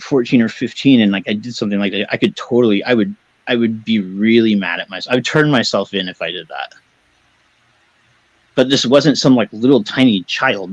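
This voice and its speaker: On a rough recording with no echo, a man with a medium-pitched voice calls into a heated live stream. Agitated and defensive, he swears a lot and rambles while justifying himself.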